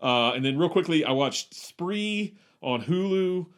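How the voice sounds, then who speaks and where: A man's voice: on the high side, animated, a little slow, clear, resonant tone. A man co-hosting a movie podcast, chatting casually in a rambling, wry way and often correcting himself mid-sentence. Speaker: podcast co-host.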